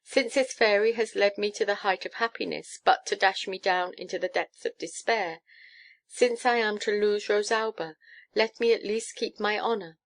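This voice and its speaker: A woman's voice: mid-range voice, normal speed, natural voice. A woman reading a storybook, voicing a flustered, desperate young king who gasps and stammers. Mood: grim. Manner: gasping, stammering, frantic.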